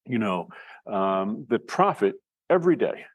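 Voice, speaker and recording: A man's voice: fairly low pitch, sing-song, unhurried, no room sound. A man from the United States giving a recorded class lecture, thinking aloud with fillers and restarts. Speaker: instructor.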